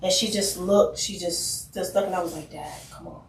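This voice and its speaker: A woman co-hosting a podcast in casual chat, telling animated stories and acting out quotes. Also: fairly low pitch, normal speed. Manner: animated storyteller, acts out quotes. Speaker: podcast co-host. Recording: roomy, distant mic.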